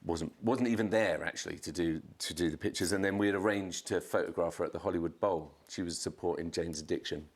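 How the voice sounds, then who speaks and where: A man, a podcast guest, telling a chaotic anecdote in casual chat, swearing and jumping up in pitch to act out quotes. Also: fast, few pauses, slightly rough. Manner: animated storyteller, swears, acts out quotes in a raised voice.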